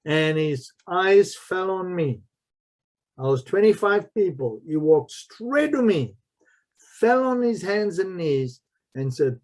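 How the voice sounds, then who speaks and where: A man's voice: sits high, lively intonation, slow pace, a little mellow. A man who is a martial arts master and spiritual mentor, telling stories in an interview with emphatic repetition. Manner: emphatic, repeats key phrases. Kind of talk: storytelling in a podcast interview.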